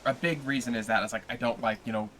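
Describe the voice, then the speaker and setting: A man's voice: mid-range voice, fairly even intonation, fast, a bit bright, slight background noise. A man hosting a livestream, chatting casually and playfully with his viewers before a reading. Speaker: livestream host and reader.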